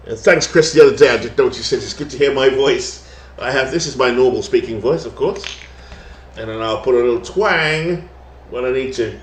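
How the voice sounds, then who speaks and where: A man calling baseball play-by-play for a simulated league, rising to loud calls on big plays and chatting to viewers between pitches. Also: brisk. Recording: roomy echo.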